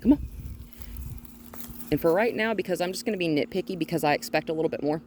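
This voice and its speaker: A woman working as a dog trainer, calmly explaining her methods during a hands-on outdoor session and often breaking off to praise the dog. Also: lowish voice, fast talker, slight background noise. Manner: calm and explanatory, with frequent cheerful praise for the dog. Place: outdoors near a gate with a noisy HVAC unit.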